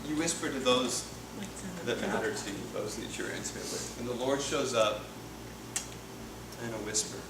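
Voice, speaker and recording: A man's voice: mid-range voice, normal speed, long pauses. A man in his thirties preaching a playful, jokey sermon to a youth group, with frequent laughter. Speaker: youth pastor. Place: church hall. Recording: echoey hall from far off, noisy.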